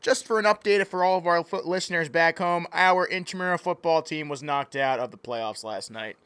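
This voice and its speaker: A man's voice: a little high, fairly quick, fairly bright tone, clean tone, no echo. A man calling play-by-play in a joking mock sports broadcast, playful and easily sidetracked. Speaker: play-by-play commentator.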